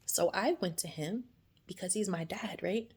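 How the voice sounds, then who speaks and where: A woman giving a casual devotional talk to her viewers, chatty and animated, often asking "right?" and acting out quoted voices. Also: normal speed, husky. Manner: acts out quoted voices, often drops soft and low. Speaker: faith vlogger.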